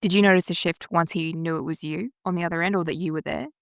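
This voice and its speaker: A woman podcast interviewer asks careful, probing questions at a measured pace. Her voice is somewhat low for a woman, and the sound is dry and close to the mic. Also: steady tone, gravelly, no echo.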